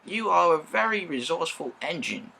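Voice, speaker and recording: A vain red steam engine boasts in a bright, raspy, high-pitched voice, put on by a man reading a storybook. He swoops up and down with loud, showy exclamations. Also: expressive, moderate pace, slight background noise, exaggerated voice. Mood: earnest.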